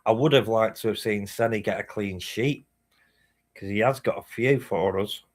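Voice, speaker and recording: A man's voice: lowish voice, normal speed. A man hosting a live match watchalong, chatting casually, swearing and reading chat messages aloud. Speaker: fan channel host.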